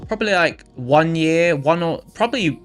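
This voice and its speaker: A man's voice: fairly high pitch, moderate pace, soft background music. Rambling Philly-accented man hosting a stream. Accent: Philadelphia American. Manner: relaxed, rambling, many fillers. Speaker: livestream host. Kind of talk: casual chat with viewers.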